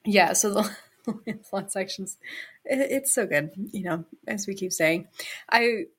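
Thoughtful woman podcast co-host, casual. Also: mid-range voice. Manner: thoughtful, hedging with "you know". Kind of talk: casual film discussion.

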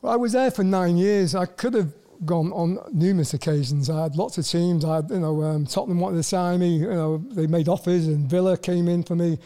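An older Welsh man speaks in a high, mellow voice. He tells his stories in a halting way, restarting words and leaning on "you know" as he goes. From Wales. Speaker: guest, former footballer. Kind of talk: casual interview storytelling.

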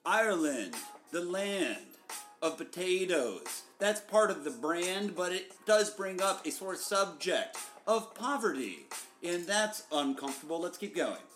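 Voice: medium pitch, very animated, unhurried, a bit bright, roomy sound, faint music behind. A podcast co-host rapping jokey rhymes over a beat.

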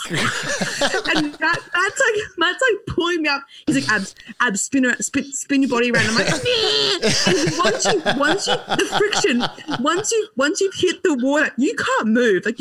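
A woman's voice: high voice, sing-song, moderate pace, a crowd in the background. Laughing, swearing young woman storyteller. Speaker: podcast guest. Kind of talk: casual storytelling chat. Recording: dry, slightly distant mic.

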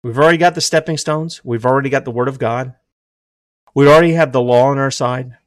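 A fervent older man preaching a sermon, his voice sitting at an ordinary middle pitch. He swings between loud, emphatic declarations and low, hushed lines, and the recording sounds close and dry, with no room echo. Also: a little fast. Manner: says he is emotional. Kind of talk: impassioned sermon.

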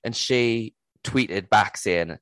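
A man from Newcastle, England co-hosting a podcast, chatting casually and telling lively stories in which he acts out what people said in changed voices. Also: lowish voice, extremely slow, no echo. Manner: animated storyteller who acts out quotes in changed voices. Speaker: podcast co-host. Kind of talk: casual chat.

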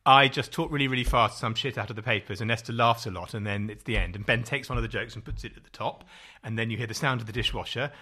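A man's voice: medium pitch, quick pace, sharp tone, husky. A middle-aged man co-hosting a podcast, telling rambling, self-mocking stories in casual chat. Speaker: podcast co-host.

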